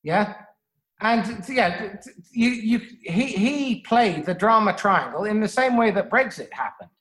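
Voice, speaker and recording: A fast-talking coach lays out techniques in an instructive way, often pausing to check "yeah?". The voice sits at a middle pitch. The recording has a roomy, echoing sound. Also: lively intonation, fairly bright tone. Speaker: sales and communication coach. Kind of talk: explanatory coaching talk on a radio show.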